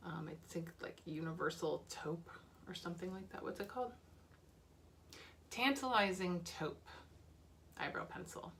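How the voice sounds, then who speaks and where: A woman's voice: fairly low pitch, lively intonation, moderate pace, pauses often, fairly bright tone, a little hiss or hum. A woman beauty vlogger talking casually and candidly about makeup she is using up, with fillers and small laughs. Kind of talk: casual chat.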